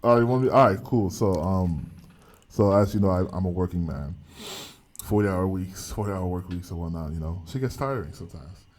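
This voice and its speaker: A man's voice: low voice, expressive, a little fast, darkish tone. A young man co-hosting a podcast, telling a story in casual chat, rambling with fillers and laughing often. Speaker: podcast co-host.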